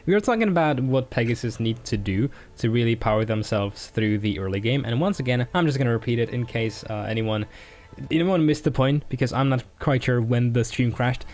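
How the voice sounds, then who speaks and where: A man's voice: medium pitch, animated, brisk, a little mellow. A man casting an esports match, breaking down picks and teasing his co-caster.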